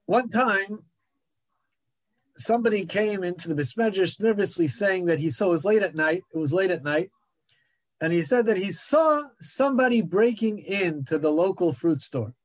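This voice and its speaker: Earnest high-voiced man teaching Torah. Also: expressive, normal speed, dry recording. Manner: earnest, repeats phrases for emphasis. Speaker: rabbi teaching a class. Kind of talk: Torah lecture.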